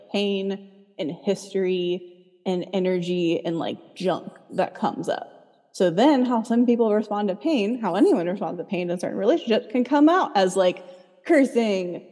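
A woman's voice: medium pitch, mellow, in a large hall. A woman therapist talking casually in an interview, chatty and full of "like.". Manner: chatty, fills speech with "like". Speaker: licensed therapist, guest.

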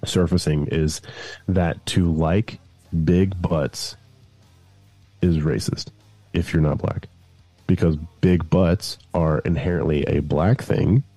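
A man's voice: low voice, fairly even intonation, takes it slowly, warm tone, slightly rough, dry recording, soft background music. A man from Arkansas with a slight Southern twang, telling rambling stories in casual podcast chat, swearing often. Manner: rambling storyteller, frequent swearing and restarts. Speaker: podcast co-host.

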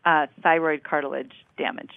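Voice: medium pitch, little pitch movement, vocal fry, clear, resonant tone, dry recording. Co-host on a tinny phone-like line. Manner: measured, analytical, halting restarts. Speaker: podcast co-host. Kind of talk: casual chat about a true-crime series.

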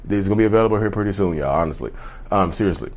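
A man's voice: sits low, very fast. A man in a casual vlog monologue, blunt and emphatic, swearing freely and calling his viewers "y'all.". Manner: grows loud and heated. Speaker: vlogger on personality disorder.

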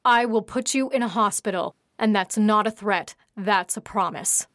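A woman voicing an angry, tough ex-Marine neighbor, speaking slowly and heavily. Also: medium pitch, fairly bright tone, no echo, studio quality, natural voice. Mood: furious.

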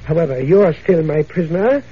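Casual: sneering old-time radio baddie, smooth and smug, kinda muffled. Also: male voice, fairly high pitch, animated, normal speed, warm tone. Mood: scheming. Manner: smooth, mocking, self-satisfied. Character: cunning, gloating male villain, the Vulture. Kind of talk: 1940s radio acting. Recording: dull old radio recording, faint hiss.

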